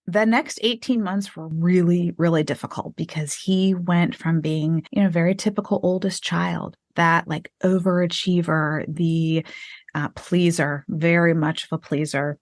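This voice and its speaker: Lower-voiced woman telling a story. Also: measured pace, no echo. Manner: animated, acts out quoted dialogue. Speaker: podcast guest. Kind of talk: candid interview storytelling.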